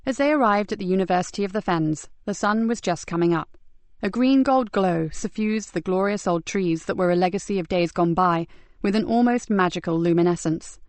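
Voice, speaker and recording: Woman narrator, audiobook, steady, gravelly voice, dry close sound. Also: mid-range voice, brisk, no echo. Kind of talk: scripted narration.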